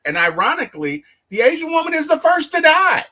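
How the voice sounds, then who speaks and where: Animated man retelling a film, lively pitch. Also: a little fast. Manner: animated storytelling, acts out character lines. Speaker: movie reviewer. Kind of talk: casual film discussion.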